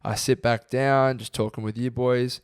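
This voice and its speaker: A young man with an Australian accent, co-hosting a podcast and telling stories in a relaxed, casual way. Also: medium pitch, moderate pace, clear, resonant tone, no room sound, studio quality. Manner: laid-back storytelling, swearing freely. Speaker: podcast co-host. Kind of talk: casual chat.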